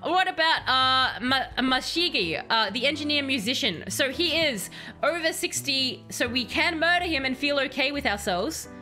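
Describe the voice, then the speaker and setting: A woman streaming a game, chatting with viewers and reading game text aloud in a chatty, animated way. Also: high voice, normal speed, faint music behind. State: has a headache. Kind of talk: casual game commentary with chat.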